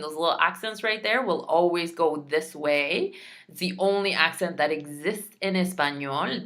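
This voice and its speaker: A woman teaching a recorded Spanish lesson, sounding out each word slowly and clearly, with chatty, self-teasing asides. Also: sits low, fairly bright tone. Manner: clear, drawn-out pronunciation drills.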